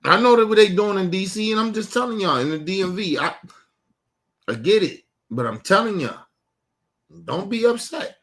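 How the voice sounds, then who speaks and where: A man's voice: sits high, lively intonation, moderate pace, a bit bright. A man from Baltimore hosting an online show, ranting bluntly and emphatically with heavy cursing, repeating himself and urging his viewers directly. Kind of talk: profane commentary rant.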